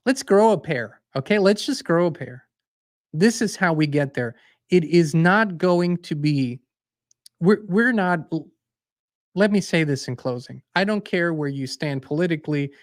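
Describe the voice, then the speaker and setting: A man hosting his own show, telling anecdotes with emphasis and acting out the other voices, then speaking bluntly and forcefully. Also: a little high, lively intonation, a little slow, no room sound, clean studio sound. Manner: forceful and blunt toward the end. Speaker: host and songwriter. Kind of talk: casual spiritual monologue.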